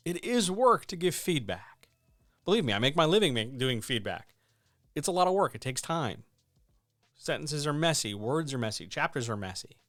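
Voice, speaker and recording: Very animated and a bit bright, a man with a mid-range voice coaches writers at a moderate pace, casually and emphatically, frequently asking rhetorical questions. He's a writing coach and editor, heard in clean studio sound with no room sound.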